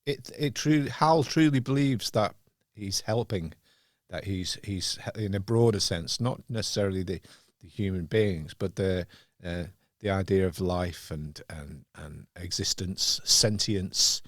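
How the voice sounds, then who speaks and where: A man's voice: sits low, unhurried, dry recording, studio quality. A man hosting a casual film podcast, talking in a reflective way and often searching for words. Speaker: podcast host.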